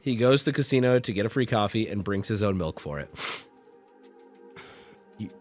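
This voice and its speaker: A man hosting a live stream, telling a story to his chat in a casual, exasperated, animated way with frequent restarts. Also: lowish voice, normal speed, soft background music. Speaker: streamer and host.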